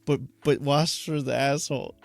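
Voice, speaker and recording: A man's voice: on the high side, vocal fry, no echo. A man co-hosting a podcast, teasing his friend in an easygoing, laughing, casual way. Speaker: podcast co-host. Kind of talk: casual chat.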